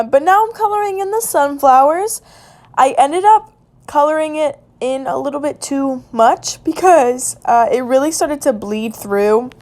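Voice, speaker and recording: A woman's voice: fairly high pitch, darkish tone. A young woman casually narrating a journal-drawing vlog in a chatty way, with lots of fillers and little laughs. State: hiccups. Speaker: vlogger.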